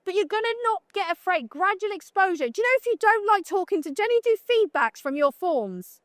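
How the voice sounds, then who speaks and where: A woman's voice: very high-pitched, sing-song, a little fast, no room sound, studio quality. A British woman and photographer giving a live conference talk, blunt and joking, often checking in with the audience. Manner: blunt, joking, chatty, asks the audience questions. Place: conference talk room at a trade show.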